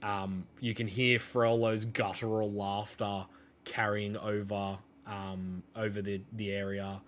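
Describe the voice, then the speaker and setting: A man narrating as game master in a relaxed, hesitant way, with many fillers. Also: fairly low pitch, takes it slowly, slight background noise.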